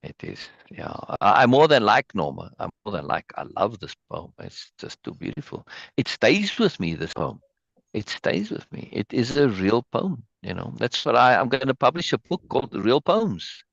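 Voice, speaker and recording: A man's voice: medium pitch, sing-song, moderate pace, gravelly, fairly bright tone, no room sound, muffled recording. A man leading an online meeting, emotionally praising a poem and reading it aloud, repeating words as he goes. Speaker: spiritual group leader. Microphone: video call.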